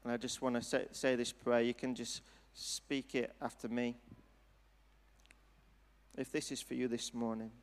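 A man preaching a sermon and altar call in a church hall, speaking in an earnest, gentle, unhurried way. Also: mid-range voice, little pitch movement. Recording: long hall reverb.

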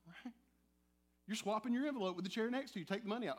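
High-voiced animated male pastor preaching. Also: fast talker, long pauses. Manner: animated, conversational preaching with playful asides to the congregation. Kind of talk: sermon. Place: church sanctuary.

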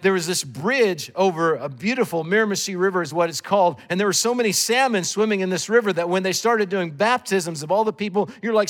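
A high-pitched man with a Canadian accent preaches a sermon as a guest speaker, telling a story that swings lively between loud and hushed, with a big-room sound.

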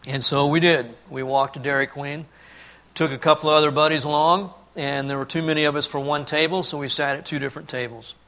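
A male pastor with a bright, forceful voice preaches a sermon. He tells a lively story from his youth, then slows and drops to a hushed, earnest tone on the key points. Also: a little high.

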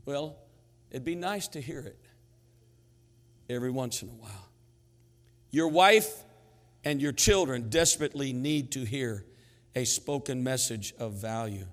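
A man in his sixties preaching a sermon, telling stories in a lively, humorous way that swings between hushed and loud. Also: medium pitch, measured pace, long pauses. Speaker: pastor. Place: church sanctuary. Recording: long hall reverb in sanctuary.

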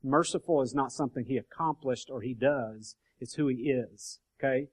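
A man's voice: medium pitch, normal speed. A man leading an informal Bible study, explaining scripture in a conversational way, often checking in with his listeners and restarting his sentences. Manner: conversational, frequent "okay?" check-ins and restarts. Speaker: bible teacher.

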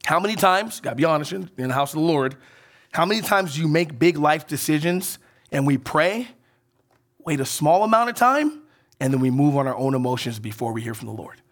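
Man, pastor, sermon, slightly high voice, animated, conversational, checks in with listeners. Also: fairly quick. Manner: conversational preaching with frequent "right?" and "okay?" check-ins; animated, swinging between emphatic rises and soft drops.

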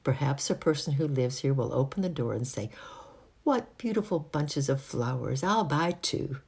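A reader voicing a timid, earnest young boy in a children's story, with a husky, gravelly voice. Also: mid-range voice, lively intonation, moderate pace, darkish tone, full character voice.

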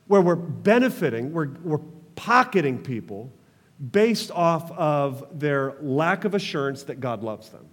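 A man's voice: fairly high pitch, very animated, unhurried, fairly bright tone, in a large hall. A man preaching a sermon as pastor, passionate, calling on the congregation to respond.

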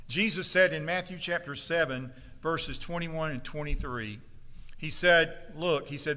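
High, bright-voiced preaching man. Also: unhurried, big-room sound. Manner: impassioned preaching, acting out pleading voices. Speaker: pastor. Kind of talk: sermon.

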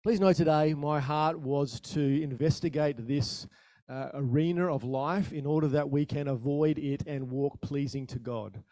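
A man preaching a sermon in a conversational style, asking the listeners questions and telling stories with sudden bursts of loudness. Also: on the high side, measured pace, no room sound, studio quality. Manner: animated storytelling with sudden rises in volume. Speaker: pastor.

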